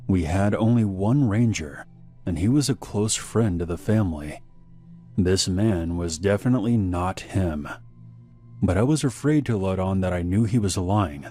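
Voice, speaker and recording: Deep-voiced man narrating a horror story. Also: darkish tone. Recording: faint background music.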